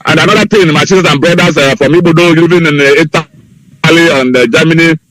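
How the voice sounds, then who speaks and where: A man's voice: on the high side, fast, a bit bright, dry recording. A man calling into a radio show, pleading fervently and repeating his appeals over a phone line. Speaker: caller. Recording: dry phone call.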